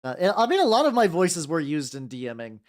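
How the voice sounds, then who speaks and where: A young man streaming as a VTuber, rambling casually as he paints miniatures. His pitch swings up and down as he talks, and he keeps restarting sentences. He jokes about himself in an easygoing way. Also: huge pitch swings, fairly quick. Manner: rambling, self-deprecating, lots of restarts and fillers. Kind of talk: casual chat while painting.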